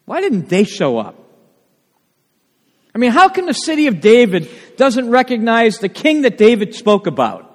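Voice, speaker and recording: High-voiced animated pastor in a reverberant hall. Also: male voice, normal speed. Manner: animated, asks many rhetorical questions. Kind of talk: sermon. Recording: long reverb of a church hall.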